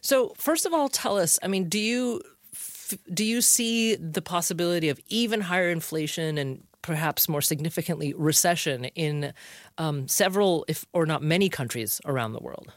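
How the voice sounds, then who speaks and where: A woman hosting a public radio interview show, introducing guests and asking quick, lively questions with frequent restarts. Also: lowish voice, no echo, clean studio sound.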